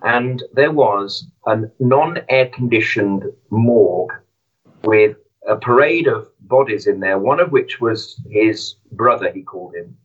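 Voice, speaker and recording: A man's voice: fairly low pitch, unhurried, slightly rough, muffled recording. A man who is a podcast guest, telling a moving story and talking about his podcast with hesitant restarts. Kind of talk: casual interview chat.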